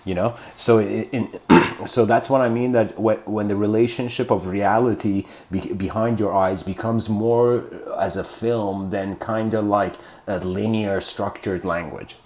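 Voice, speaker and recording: A man's voice: on the low side, steady tone, a little slow, hardly any pauses, a little mellow. Rambling man in an echoey room. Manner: rambling, self-correcting, many "you know" fillers. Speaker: lecturer. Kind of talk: informal philosophical talk.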